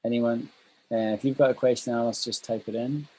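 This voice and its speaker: Husky-voiced man teaching English, chatty and emphatic. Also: mid-range voice, steady tone, a little fast, a little mellow, poor audio. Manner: chatty and emphatic, repeats phrases for stress. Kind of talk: live online English class.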